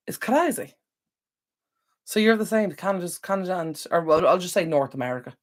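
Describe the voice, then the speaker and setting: A woman's voice: on the low side, animated, brisk. An Irish woman hosting a casual live stream from home, chatting to viewers by name with lots of ums. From Ireland. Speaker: livestream host. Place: indoor home room near a window.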